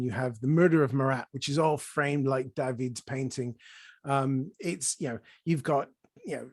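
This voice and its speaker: A man hosting a chat show, excitably retelling a film scene by scene and dropping his voice for effect. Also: mid-range voice, no room sound, studio quality. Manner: excitable storyteller, drops to near-whispers for effect. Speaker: podcast host. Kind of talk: enthusiastic film recap in casual chat.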